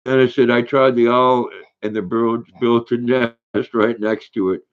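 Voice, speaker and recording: A man's voice: mid-range voice, little pitch movement, unhurried, narrow, tinny audio. An older man hosting a casual livestream, chatting and reading viewer comments aloud while talking to his dog. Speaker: livestream host.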